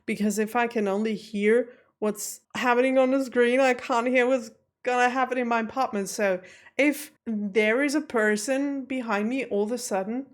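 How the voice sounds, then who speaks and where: A woman's voice: a little high, steady tone, normal speed. A woman reacting to a TV episode from her home office at night, rambling through question after question with nervous laughs; English is not her first language. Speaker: reaction video host. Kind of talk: casual chat to camera.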